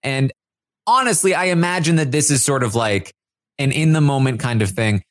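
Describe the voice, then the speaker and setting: A podcast host giving a measured reality show recap, with many fillers. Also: medium pitch, animated, no echo, clean studio sound.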